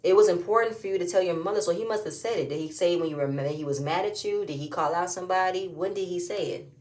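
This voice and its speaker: A woman's voice: fairly low pitch, fast talker, a little mellow. A woman giving a casual, opinionated recap of a reality show, often rising into emphatic outbursts.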